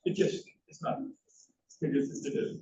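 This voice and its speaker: An older man tells anecdotes during a lecture with slides, speaking at a measured pace in an animated storytelling style and frequently restarting his sentences. The recording is roomy, distant and dull, as in a hall, with a little hiss or hum.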